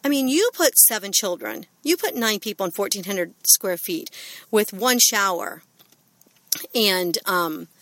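A woman's voice: mid-range voice, animated, measured pace, fairly bright tone, no echo. A middle-aged woman giving a parenting talk, earnest and full of fillers and restarts. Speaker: parenting speaker.

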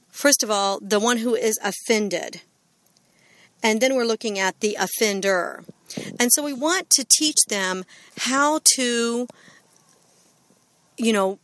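A woman's voice: on the high side, sharp tone, no echo. Earnest middle-aged woman, dry close voice. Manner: earnest, with many fillers and restarts. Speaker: parenting speaker. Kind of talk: instructional parenting talk.

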